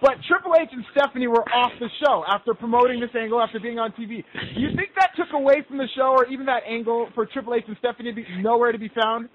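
A man's voice: very high-pitched, quick pace, hardly any pauses. A man on a sports talk show asking pointed questions. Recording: tinny phone-like line with faint hiss.

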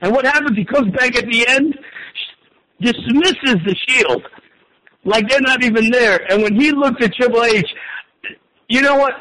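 Excitable stammering man in his forties. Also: extremely high pitch, moderate pace, pauses often, low-quality recording. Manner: excitable, stammering restarts, crude swearing. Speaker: wrestling and football pundit guest. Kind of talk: excited casual sports talk.

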